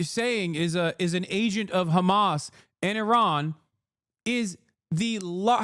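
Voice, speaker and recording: A man's voice: sits high, dry recording, clean studio sound. A man hosting a live stream, reacting to clips with exasperated, profane ranting. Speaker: streamer host.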